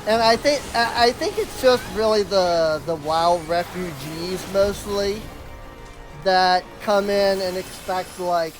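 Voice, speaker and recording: On a live stream, a game streamer with a mid-range voice chats casually at a slow pace, music in the background. They recount stories in an exasperated way, leaning on "like" and often starting over.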